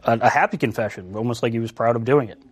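A man's voice: medium pitch, fast talker, husky. A male detective telling his story in an interview, casual, acting out quoted dialogue. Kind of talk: interview recollection.

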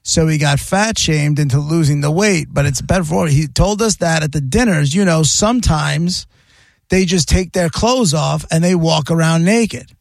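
A man's voice: on the high side, moderate pace, vocal fry, no room sound. A man hosting a radio show, chatting loosely and telling a story with jokes. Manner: loose, joking, rambling storyteller. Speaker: radio host. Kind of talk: casual sports radio banter.

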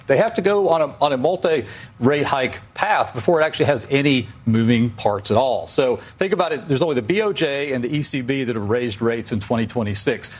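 Man, investment guest, emphatic, very fast, husky. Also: mid-range voice, expressive. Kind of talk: live TV panel discussion.

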